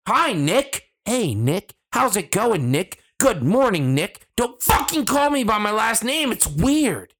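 A man on a chat show, ranting with heavy swearing and breaking into shouts as he mimics annoying emails. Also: high-pitched, big pitch swings, slow pace, hardly any pauses. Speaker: podcast co-host.

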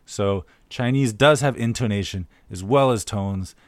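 A man co-hosting a podcast, explaining things clearly with a dry sense of humor. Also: on the low side, measured pace, no room sound. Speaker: podcast co-host. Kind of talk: casual podcast chat.

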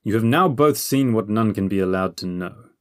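A man's voice: fairly low pitch, expressive, lightly acted. A man voicing a cold, imperious sorcerer lord. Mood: cold menacing. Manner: icy, imperious, drawn-out threats. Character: cold menacing masked male sorcerer lord.

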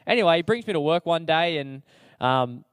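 A man's voice: on the high side, expressive, moderate pace, smooth, dry recording, studio quality. A young Australian man telling his own story to an audience in a chatty, slangy, self-deprecating way, with lots of fillers. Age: young adult. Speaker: speaker sharing his testimony.

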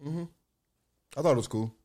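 A man's voice: medium pitch, moderate pace, warm tone. A man co-hosting a podcast, blunt and joking in casual chat. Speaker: podcast co-host.

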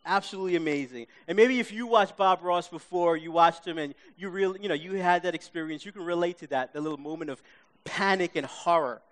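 A man from Queens, telling an animated story to a live audience, acting out his own reactions and checking in with listeners. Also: fairly high pitch, brisk. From Queens, New York. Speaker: speaker.

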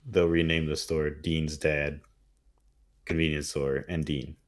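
A man co-hosting a casual podcast, tossing in dry wisecracks while his partner recaps an episode. His voice sits very low, and he delivers his jokes in a relaxed, offhand way. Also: slow pace. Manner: dry wisecracks, jokey asides. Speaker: podcast co-host.

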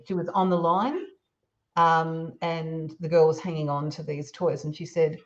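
A woman, a parenting expert guest, giving calm, measured advice in a podcast conversation. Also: deep voice, lo-fi sound. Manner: calm, measured, explains with examples.

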